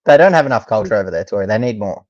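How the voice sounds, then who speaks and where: A man's voice: on the low side, lively intonation, very fast, crowd noise. An Australian man co-hosting a comedic news show, teasing and laid-back. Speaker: co-host. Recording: dry, dull lo-fi sound.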